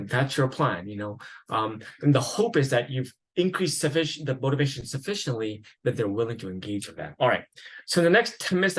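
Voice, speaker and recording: A man's voice: medium pitch, poor audio. A man lecturing at a psychiatry conference in a conversational way, with fillers, restarts and the odd laugh.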